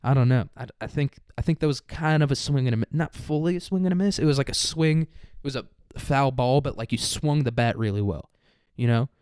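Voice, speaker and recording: A young man rambles through a comic monologue, cursing freely and with no reverence. His voice is smooth and clear, and the recording is dry and close. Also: medium pitch, fairly quick, a little mellow, no room sound. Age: young adult. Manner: profane, rambling, irreverent. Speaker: comedy podcaster.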